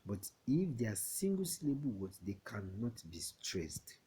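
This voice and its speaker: A man from Nigeria teaching a classroom English lesson, slow and repetitive, often checking that students understand. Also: fairly low pitch, very animated, dark tone, breathy edge.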